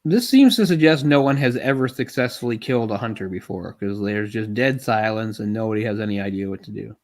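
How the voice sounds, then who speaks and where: A man's voice: on the low side, animated, a little fast, darkish tone. A man giving casual live commentary on a film while feeling unwell, rambling in chatty asides with lots of fillers. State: unwell, keeps swallowing.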